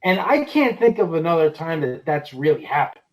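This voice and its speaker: Podcast guest guy, voice a bit on the higher side, laid back, lots of you-knows. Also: moderate pace, low-quality recording. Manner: relaxed, heavy on "you know" fillers. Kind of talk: casual wrestling podcast chat.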